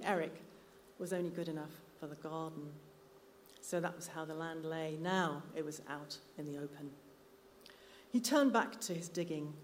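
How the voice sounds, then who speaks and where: Woman, author, live reading, low voice, measured, reverberant hall. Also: slight background noise. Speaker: author reading her story. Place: live literary night venue. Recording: reverberant hall with faint ambience.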